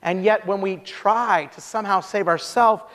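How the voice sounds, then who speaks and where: Emphatic male preacher with a very high voice, telling stories; church sanctuary with long reverb. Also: moderate pace, a bit bright. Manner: emphatic, rhetorical questions, vivid anecdotes. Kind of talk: sermon.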